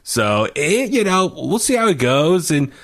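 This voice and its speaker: A man's voice: fairly high pitch, big pitch swings, a little slow, fairly bright tone. Rambling middle-aged man co-hosting a podcast. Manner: rambling, searches for names, many fillers. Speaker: podcast co-host. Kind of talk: casual wrestling review chat.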